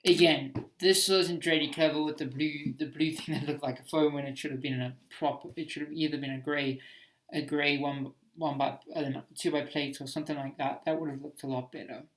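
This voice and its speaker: A man's voice: fairly high pitch, fairly even intonation, fairly quick. A man giving casual commentary on his own homemade film, hesitant and self-critical, with many restarts.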